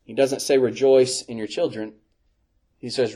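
Mellow-voiced man preaching a sermon. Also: medium pitch, steady tone, breathy edge. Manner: earnest, emphatic repetition with slow stressed phrases.

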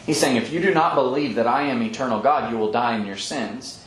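A man leading a Bible study, explaining scripture earnestly with frequent pauses and ums, often quoting verses. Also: medium pitch, a little hiss or hum. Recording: echoey room with faint ambience.

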